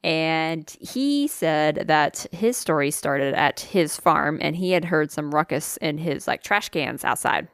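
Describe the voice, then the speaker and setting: Lower-voiced woman, casual and profane. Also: expressive, slow, few pauses, clear, resonant tone, dry recording, studio quality. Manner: swears freely, tired, laughing asides. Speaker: podcast co-host. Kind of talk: casual chat, storytelling.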